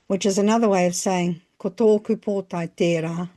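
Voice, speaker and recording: A woman narrating a scripted language lesson, phrasing each example slowly and carefully. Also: medium pitch, fairly even intonation, warm tone. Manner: slow, careful phrasing with pauses between examples. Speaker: language teacher.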